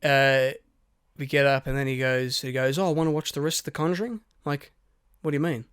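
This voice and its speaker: A man, co-hosting a podcast, telling a story in lively casual chat, swearing and acting out quotes. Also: mid-range voice, a little fast, smooth, no room sound, studio quality. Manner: animated storyteller, swears a lot, acts out quotes. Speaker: podcast co-host.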